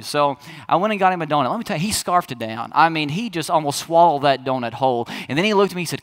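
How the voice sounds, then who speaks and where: High-voiced male pastor preaching. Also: lively intonation, fast talker, fairly bright tone. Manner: conversational, chatty storytelling with the congregation. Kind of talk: sermon.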